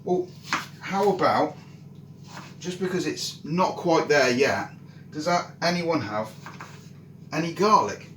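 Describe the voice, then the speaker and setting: A man's voice: a little high, animated, takes it slowly, long pauses, slight background noise, voice pushed up. A man doing a cheerful coaxing soldier. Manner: upbeat, coaxing, hesitant restarts. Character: cheerful, resourceful male soldier cooking stew. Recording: roomy echo.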